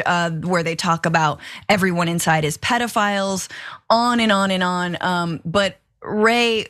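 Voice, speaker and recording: A woman's voice: medium pitch, a bit bright, no echo. Casting: wry woman host, close and dry. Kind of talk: political commentary.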